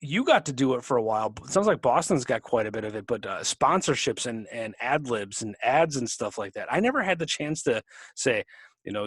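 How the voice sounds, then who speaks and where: A man's voice: medium pitch, big pitch swings, brisk, fairly bright tone, breathy edge, dry recording, studio quality. A man co-hosting a podcast in casual chat, rambling and restarting his sentences. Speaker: podcast co-host.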